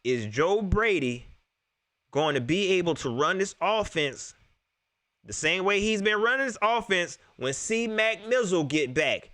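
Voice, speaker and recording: Animated, bright-voiced sports fan man. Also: high-pitched, unhurried, no room sound. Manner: animated, repeats himself, laughs often; talks straight to viewers. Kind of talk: excited casual sports preview chat.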